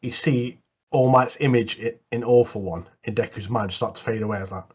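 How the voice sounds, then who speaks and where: Guy on a podcast, husky voice, sounds kinda muffled and lo-fi. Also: medium pitch, fairly quick. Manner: animated, repeats mate a lot. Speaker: podcast co-host. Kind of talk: casual chat. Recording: dull lo-fi mic.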